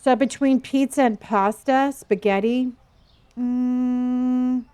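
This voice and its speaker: A woman's voice: sits high, level tone, slow pace, warm tone, smooth. A middle-aged woman streaming a game, chatting playfully with viewers and answering their chat messages.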